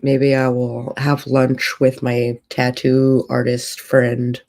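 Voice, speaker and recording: A woman's voice: a bass voice, completely flat delivery, takes it slowly, a little mellow. A woman streamer and author chatting casually on a livestream from a hotel room, rambling and thinking aloud.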